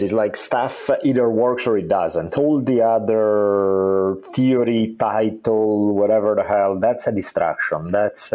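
Low-voiced guy hosting a podcast, rambly stories, swears a bit, laughs. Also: dark tone. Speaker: podcast host. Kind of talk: casual conversational interview.

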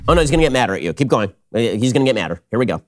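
A man's voice: medium pitch, big pitch swings. Sarcastic man doing commentary. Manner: sarcastic, mocking, rapid-fire commentary. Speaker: host. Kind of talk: political commentary.

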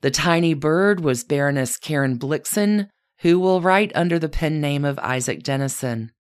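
A woman narrating a scripted story in a measured way, speaking directly to her subject as "you". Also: low voice, lively intonation. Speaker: podcast narrator.

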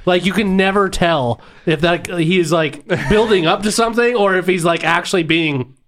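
A man with a fairly high voice co-hosts a relaxed podcast chat. He stumbles over his words, restarts often and repeats himself as he tells a story. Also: moderate pace. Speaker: podcast co-host. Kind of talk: casual chat.

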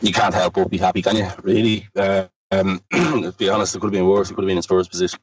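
A man in a casual football chat, speaking in a measured, flat way. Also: low-pitched, no room sound. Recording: distant dull dry mic.

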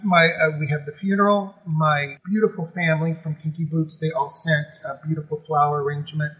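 A man with a notably high voice tells stories from his theatre career as a guest in a relaxed interview. His tone is bright and ringing, and he speaks animatedly, with feeling, often stumbling and restarting mid-sentence. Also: fairly quick, rough recording. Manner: animated, emotional storyteller with many restarts. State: moved to tears at times. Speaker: musical theatre performer, guest. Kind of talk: casual interview storytelling.

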